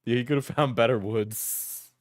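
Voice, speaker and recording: A man's voice: mid-range voice, fairly even intonation, moderate pace, no room sound, studio quality. A man streaming a casual reaction video, joking, laughing and swearing as he comments.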